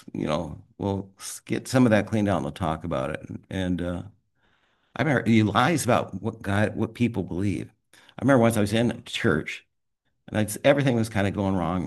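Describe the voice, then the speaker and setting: Guy with a fairly low voice leading a small men's group, chatty rambling devotional, laughs a bunch. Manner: rambling, conversational, laughs often. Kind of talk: informal devotional talk and prayer. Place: small private group meeting.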